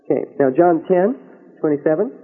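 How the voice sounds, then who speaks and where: A man's voice: on the high side, lively intonation, normal speed, narrow, tinny audio. A man teaching from the Bible in sermon style, reading scripture aloud and checking in with his listeners. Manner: reads scripture aloud and checks in with frequent "Okay?".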